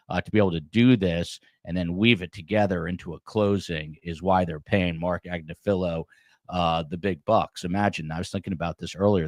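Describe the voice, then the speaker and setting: A man's voice: deep voice, dry recording, studio quality. A man hosting a true crime show, giving commentary as he reads out quotes and adds his own asides. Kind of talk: commentary on a court case.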